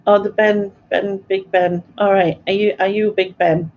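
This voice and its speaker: A woman's voice: mid-range voice, flat delivery, normal speed, a little hiss or hum. A woman hosting a live quiz stream in a chatty, giggly way, reading out viewers' answers. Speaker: quiz host. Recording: dull lo-fi stream audio with faint ambience.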